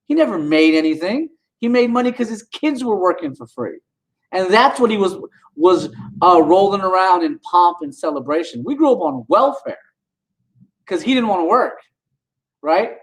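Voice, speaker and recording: A man's voice: high-pitched, normal speed, rough recording. A man vlogging, ranting indignantly and talking straight to his viewers in a casual way. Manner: indignant, animated, talks to viewers directly.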